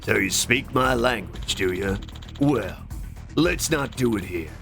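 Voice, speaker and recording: An actor playing a stubborn older male shipwright in a video game, gravelly and challenging, with game music behind. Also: on the low side, animated, a little slow, a bit bright, exaggerated voice. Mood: gruff. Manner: tough, challenging, dry. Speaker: retired shipwright.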